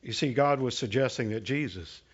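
A man preaching a sermon in a conversational way, asking the congregation questions and dropping to a hush for emphasis. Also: mid-range voice, moderate pace, breathy edge, dull audio. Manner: conversational preaching, rhetorical questions, dramatic hushed drops. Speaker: pastor.

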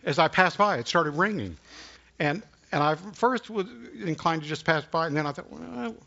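A man preaching a sermon and telling personal stories, speaking in a halting, earnest way with frequent restarts, coughing now and then. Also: a little high, animated, bright, forceful tone. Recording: dull lo-fi recording.

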